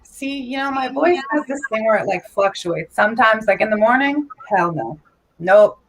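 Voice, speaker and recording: A woman chatting as a guest on a video call, playful, with a stream of "like" and quick asides. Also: fairly high pitch, animated, a little hiss or hum, rough recording. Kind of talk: casual chat.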